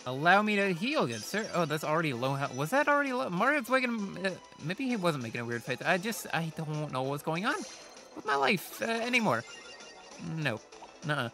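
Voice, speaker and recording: Male let's-play host, slightly high voice, rambling self-deprecating gameplay chatter over faint game music. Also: very animated, brisk, bright, forceful tone. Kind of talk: casual gameplay commentary.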